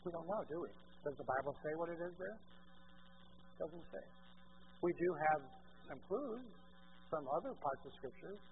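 A man preaching a sermon, asking the congregation questions and swinging from quiet asides to loud exclamations. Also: on the high side, animated, normal speed, pauses often, narrow, tinny audio, a little hiss or hum.

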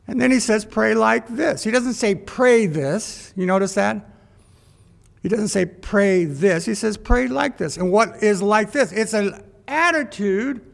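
A man delivers a sermon in a very high voice, taking his time over each phrase. He keeps putting questions to his listeners, and his words ring out with a long reverb, as in a church hall. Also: gravelly, a bit bright. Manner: asks the congregation rhetorical questions. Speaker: preacher.

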